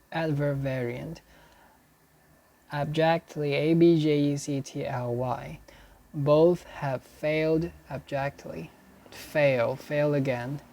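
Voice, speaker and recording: A man reads dictionary entries aloud at an unhurried, deliberate pace. He explains them haltingly, restarting and correcting himself, and says each sample sentence again and again. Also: mid-range voice, darkish tone. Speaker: English learner studying a dictionary.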